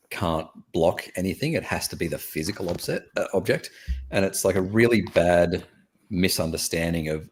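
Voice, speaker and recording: A man with an Australian accent and a very deep, low voice. He speaks plainly over a home mic, explaining angles and distances step by step with plenty of "um"s. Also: slight background noise. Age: adult with a daughter. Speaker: guest on live online chat. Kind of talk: casual debate chat.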